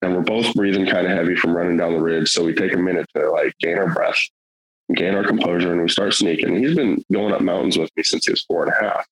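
A man's voice: deep voice, fairly even intonation, fast talker, slightly rough, low-quality recording. A middle-aged man telling a hunting story in casual, rambling, earnest talk, with many fillers and restarts.

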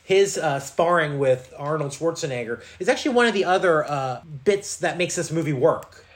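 A man co-hosting a podcast, talking through an old action movie in a loose, animated way. He swears freely and acts out quotes from the film. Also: fairly high pitch, moderate pace. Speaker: podcast co-host. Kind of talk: casual movie chat.

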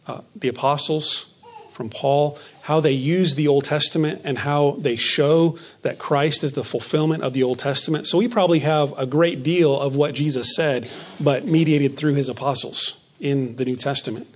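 Higher-voiced man preaching a sermon. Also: steady tone. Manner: emphatic preaching, slows on key phrases and drops softer. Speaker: pastor.

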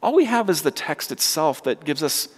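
Sermon stories pour out of a pastor who voices every person he quotes. His fairly high pitch swings widely at a moderate pace, and the sound rings with long hall reverb.

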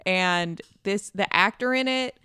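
A young adult woman hosting a podcast, chatting casually and telling animated stories with quoted voices. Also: medium pitch, measured pace, clear, resonant tone, no room sound, clean studio sound. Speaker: podcast host. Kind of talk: casual chat.

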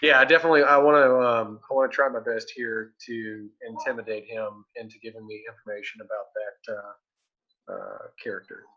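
A man's voice: on the low side, expressive, normal speed, bright, forceful tone, muffled recording. A man playing a tabletop game, chatting casually and thinking aloud as he counts his dice.

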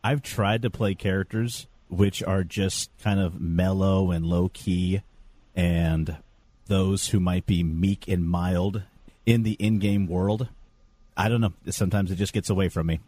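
A man with a fairly low voice chatting on a casual podcast. He teases his co-hosts playfully and often breaks into laughter. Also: steady tone, a little slow, mellow, no echo. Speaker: podcast co-host.

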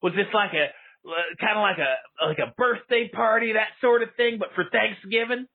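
A man's voice: high voice, normal speed, creaky. A man hosting a comedic call-in show, flustered and stammering as he pleads with a caller. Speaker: radio call-in host. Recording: phone-like narrow sound.

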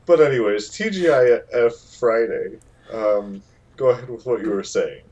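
Male comedy host, average pitch, playful and teasing, quick to laugh. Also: darkish tone, slightly rough, muffled recording. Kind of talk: improvised comedy chat.

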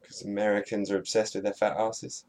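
A man's voice: lowish voice, level tone, fairly quick, a little mellow, slight background noise. A British man co-hosting a podcast, teasing his partner in a dry, blunt and crude way. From Britain. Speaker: podcast co-host. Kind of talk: casual banter.

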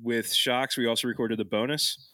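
Bright-voiced laughing podcast host. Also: male voice, medium pitch, steady tone, moderate pace, no room sound, clean studio sound. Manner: laughs often, swears, rambling asides. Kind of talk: casual podcast chat.

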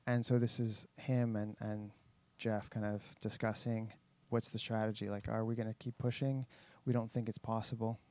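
A man's voice: on the low side, little pitch movement, moderate pace, hardly any pauses, darkish tone. A man chatting casually on a podcast, telling a rambling story with lots of fillers and restarts. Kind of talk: casual chat.

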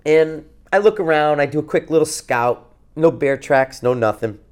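With a fairly high, smooth voice at a moderate pace, this Connecticut man co-hosts a podcast. He rambles through a lengthy outdoor anecdote, animated and casual, and swears plenty along the way.

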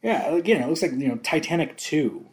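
A man's voice: a little high, animated, fairly quick. A man co-hosting a podcast, talking casually and enthusiastically about a film, laughing often and swearing freely. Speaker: podcast co-host.

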